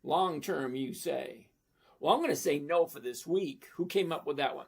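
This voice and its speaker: Gravelly older man hosting a livestream. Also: a little high, normal speed. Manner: chatty, blunt, rambling asides. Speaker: stock market livestream host. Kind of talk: casual live chat answering viewers.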